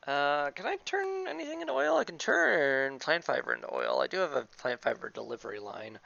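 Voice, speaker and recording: A man's voice: a little high, huge pitch swings, brisk, vocal fry, sharp tone, no echo, dull audio. A man casually commenting on his gameplay as he plays, talking to himself and to the game with mock rants. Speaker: gameplay streamer.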